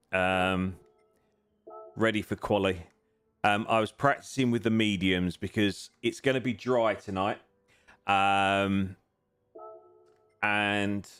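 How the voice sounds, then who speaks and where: Rambling man streaming sim racing. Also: lowish voice. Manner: rambling, self-deprecating, many ums. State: a bit tired. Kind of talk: casual live-stream chat.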